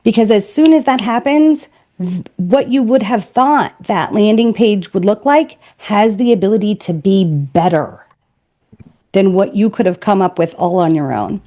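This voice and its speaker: A woman's voice: mid-range voice, animated, measured pace, warm tone. Blunt, emphatic woman guest. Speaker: guest, sales trainer. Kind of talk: podcast interview.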